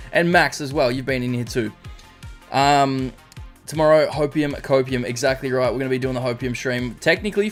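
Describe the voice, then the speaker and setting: An Australian man streaming live, chatting casually, greeting viewers by name and rambling through a story. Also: medium pitch.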